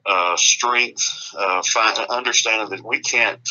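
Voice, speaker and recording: Forceful low-voiced man, earnest. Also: measured pace. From Alabama. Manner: earnest, restarts sentences often. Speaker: author being interviewed. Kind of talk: casual radio interview. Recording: dull lo-fi radio audio.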